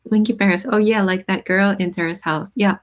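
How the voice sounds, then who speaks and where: A woman hosting a casual live stream, reading song lyrics and explaining their meaning with many pauses and "um"s. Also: medium pitch, steady tone. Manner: thoughtful, pauses with many "um"s, reads lyrics aloud then explains.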